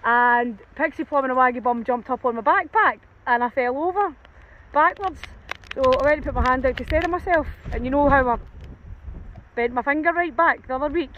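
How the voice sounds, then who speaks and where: A high-voiced woman talks to her phone camera in an open field while walking her dogs in the cold rain. She sounds run down from a cold but keeps up a chatty, self-mocking stream of talk, laughing often, with a faint hiss of outdoor noise behind her. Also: fairly quick, muffled recording. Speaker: dog walker vlogger. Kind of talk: casual outdoor vlog chat.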